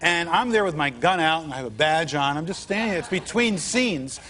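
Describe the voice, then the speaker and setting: A man's voice: a little high, animated, a little fast, few pauses, background noise. A man who is a comedian and actor, a guest on a late-night talk show, telling a comic anecdote and mimicking other people's voices. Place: TV studio with a live audience. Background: studio audience.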